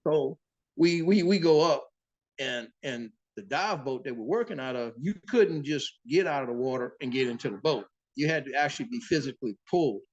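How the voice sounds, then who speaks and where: A man's voice: mid-range voice, fairly quick, highs cut off. Salty man telling sea stories. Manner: profane, animated sea-story telling. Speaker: boat captain and interview guest. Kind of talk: casual storytelling.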